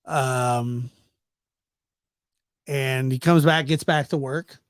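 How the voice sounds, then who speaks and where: A man telling a casual anecdote, animated and chuckling as he acts out the people in it. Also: medium pitch, drawn-out words, smooth, no echo, studio quality. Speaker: storyteller.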